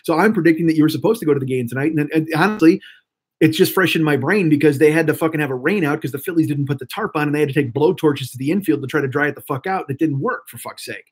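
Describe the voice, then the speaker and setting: A hoarse man in his fifties hosting a live stream, rambling and swearing excitably as he chats with viewers. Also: on the high side, racing. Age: 50s. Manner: rambling, profane, excitable, talks to chat. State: hoarse throat. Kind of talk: casual live-stream chat.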